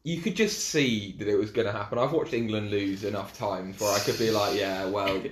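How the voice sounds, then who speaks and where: A man's voice: fairly low pitch, moderate pace. A young man on a casual football podcast, giving his views in a wry, matter-of-fact way. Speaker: podcast co-host. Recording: echoey room with faint noise.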